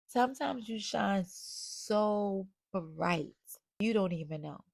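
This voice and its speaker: A woman's voice: fairly low pitch, creaky, no echo. A woman talking in a casual, confessional vlog as a motivational speaker and mom coach, earnest and emotional, rambling with many fillers.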